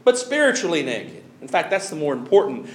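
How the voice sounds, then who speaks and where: A male preacher giving a sermon in an animated way, chuckling often and pausing with emphasis. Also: a little high, roomy sound.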